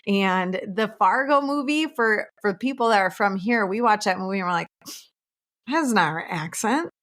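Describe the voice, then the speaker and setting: A woman's voice: medium pitch, normal speed, a bit bright. A woman from small-town Minnesota with a Minnesotan accent, a realtor chatting as an interview guest in a friendly, storytelling way. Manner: friendly, storytelling, laughs easily. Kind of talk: casual interview chat.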